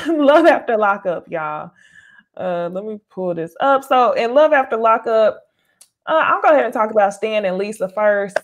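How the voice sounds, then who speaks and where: A woman's voice: on the high side, expressive, normal speed. A woman hosting a casual chat panel, recapping reality TV, laid-back and laughing often. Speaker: panel host.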